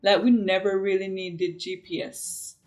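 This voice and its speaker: A Jamaican woman chats straight to camera in a lively, emphatic way, peppering her stories with "like". Her voice sits at a middling pitch, with faint music playing softly behind her. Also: measured pace. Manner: animated, emphatic, frequent "like". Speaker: beauty vlogger. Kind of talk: casual chatty storytelling.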